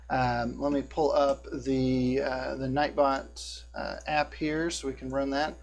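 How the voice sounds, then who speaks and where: A man narrating a tabletop game as game master and hosting a live stream, talking casually with many fillers and a hushed tone for eerie scenes. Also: mid-range voice, steady tone, slow. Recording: faint buzzing hum in the background.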